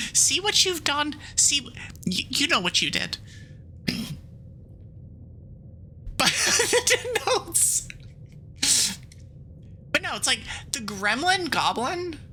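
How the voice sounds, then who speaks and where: A woman streaming a game as a VTuber, chatting casually in a rambling, playful way full of quick asides and giggles, and reading the game's text aloud. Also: high voice, sharp tone, a little hiss or hum, rough recording.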